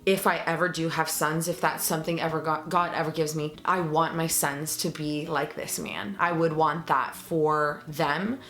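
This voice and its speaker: Earnest young woman vlogging, lowish voice. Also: fairly even intonation, normal speed, few pauses, a bit bright. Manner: earnest, emotional, many fillers. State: pregnant. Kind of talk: casual vlog talk to camera.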